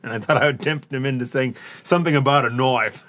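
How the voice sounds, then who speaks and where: A man's voice: medium pitch, quick pace, fairly bright tone. A man co-hosting a card game stream, joking and teasing his opponent and greeting viewers in casual chat.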